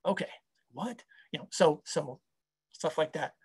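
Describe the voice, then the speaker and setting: Man, middle-aged, husky voice, rambling, casual, lots of filler words. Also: on the high side, unhurried. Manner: rambling, full of fillers and acted-out quotes. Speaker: company founder and CTO. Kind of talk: casual talk to an online audience.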